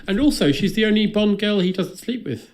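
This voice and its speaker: Dry, sardonic podcast host. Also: male voice, sits high, animated, fairly quick. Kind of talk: comedic film recap.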